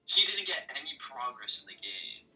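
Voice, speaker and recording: Young male friend, bright, raspy tone, blunt and contrary. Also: mid-range voice, sing-song, moderate pace, highs cut off. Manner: stubborn, blunt, argues back. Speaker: friend and game player. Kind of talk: casual gaming chat.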